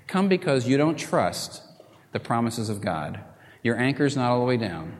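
A man preaches with dramatic force, his voice swinging widely in pitch. He pushes up into loud, urgent questions, then sinks to hushed near-whispers. The sound carries a long reverb, like a large hall. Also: animated, moderate pace. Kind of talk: sermon.

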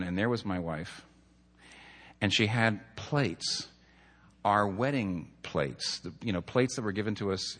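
A man's voice: low-pitched, fairly bright tone. A middle-aged man, a pastor, preaching a sermon with earnest storytelling and numbered points. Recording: long hall reverb.

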